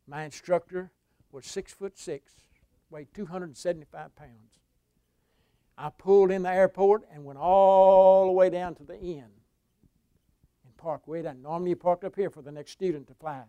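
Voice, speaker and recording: A man preaching a sermon, telling a personal story in a folksy way that swings from hushed to loud. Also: high voice, clean tone, no echo. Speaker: pastor. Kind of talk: sermon testimony.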